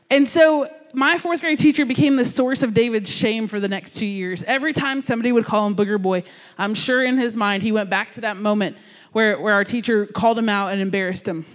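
A man from New Jersey giving a sermon as a youth pastor, telling a story in an animated, jokey, conversational way. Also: sits high, big-room sound.

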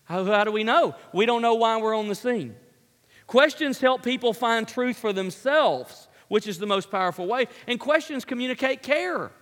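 A man with a high voice delivers a sermon as a pastor, pressing his points home by repeating short phrases. His words ring out with a long reverb from the hall around him. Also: lively intonation, normal speed, a bit bright. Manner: emphatic preaching, repeating key phrases.

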